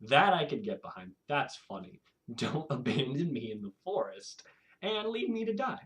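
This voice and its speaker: A man hosting his own video, talking casually to camera in a rambling, animated way and laughing often. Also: medium pitch, normal speed. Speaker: video host.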